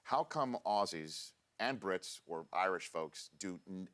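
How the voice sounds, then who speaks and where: A man's voice: low voice, lively intonation, slow, a bit bright. A man hosting a sports talk show in a studio, playful and joking with his guest. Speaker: host. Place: radio studio.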